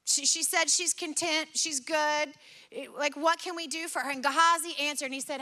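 A woman's voice: sits high, fairly even intonation, moderate pace, sharp tone. A woman preaching a sermon in an earnest, conversational way, retelling scripture in her own words.

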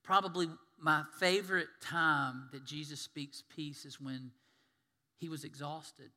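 Man, pastor, sermon, dynamic storytelling, slightly high voice, church sanctuary reverb. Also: steady tone, measured pace. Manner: storytelling, swinging from loud to hushed.

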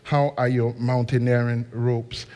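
A man preaching a story-driven sermon as a guest speaker, moving between quiet asides and loud, animated shouting. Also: medium pitch, measured pace. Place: church hall. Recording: long hall reverb.

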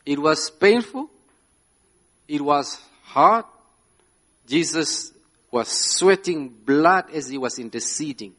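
Slow, emphatic man preaching. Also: a little high, animated, fairly bright tone. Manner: emphatic, repeats "Yeah?" to the congregation; laughs between phrases. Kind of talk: sermon. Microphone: slides shown, speaking to a live congregation.

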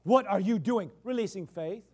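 A male preacher delivering a sermon, emphatic and repetitive, swinging from loud bursts to quiet explaining. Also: sits high, normal speed, slightly rough.

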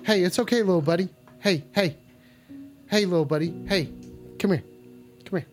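A man's voice: high-pitched, moderate pace, faint music behind. A man hosting a comedy call-in show, with crude, mock-sincere, rambling banter.

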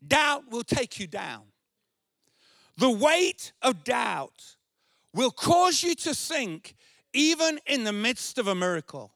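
A male pastor preaching an earnest sermon, repeating phrases and rising to shouted emphasis. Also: very high-pitched, no room sound, clean studio sound.

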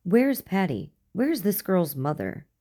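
A woman's voice: deep voice, animated, moderate pace. Distraught protective mother, insistent, interrupting, voiced by a woman narrator. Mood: worked up. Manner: sharp, interrupting.

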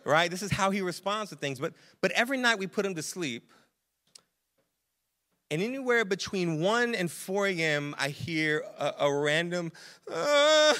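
Bright-voiced animated young preacher man. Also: sits high, moderate pace. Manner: animated, casual preaching with slang. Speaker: pastor. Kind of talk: sermon.

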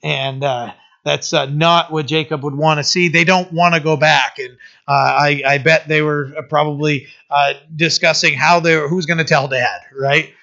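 A man's voice: on the high side, fairly even intonation, moderate pace, creaky, sharp tone, lo-fi sound. A man preaching as pastor, reading scripture aloud and explaining it in a conversational way, often checking in with "right?". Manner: conversational, many fillers, asks listeners "right?".

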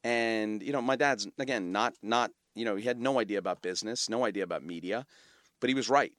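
A man, telling personal stories as a podcast guest, animated and full of fillers and restarts. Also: lowish voice, brisk, no echo, studio quality. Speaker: guest, media company founder. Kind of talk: casual interview storytelling.

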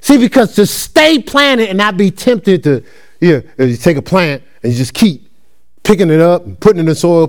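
Animated man preaching with lively pitch. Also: moderate pace. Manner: animated, repetitive, conversational preaching with call-and-response. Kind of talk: sermon.

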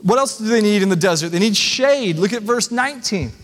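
A man's voice: high voice, expressive, a little fast, fairly bright tone, big-room sound. A man preaching a sermon as the pastor, earnest and conversational, asking the congregation rhetorical questions. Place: church sanctuary.

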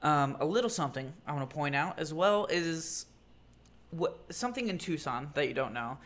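A man's voice: fairly high pitch, normal speed. A man co-hosting a casual podcast chat, telling stories animatedly and laughing often while acting out other people's voices. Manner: animated storyteller who acts out others' voices. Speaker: podcast co-host.

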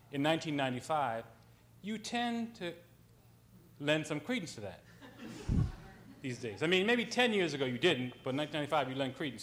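A man's voice: on the high side, a bit bright, slight background noise. A man on a panel, a writer, telling an anecdote in a conversational way, with frequent ums and self-corrections.

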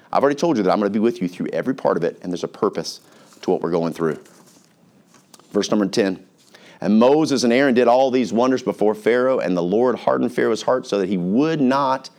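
A man's voice: on the low side, expressive, a little fast, a little mellow. A male pastor preaching a sermon in an earnest, conversational way, reading scripture aloud.

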